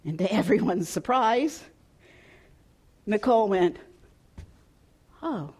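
A woman pastor preaching a storytelling sermon, expressive and at times dropping soft and hushed. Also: on the high side, unhurried.

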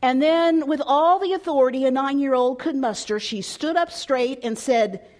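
A woman pastor preaching a storytelling sermon, expressive and at times dropping soft and hushed. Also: high voice, normal speed.

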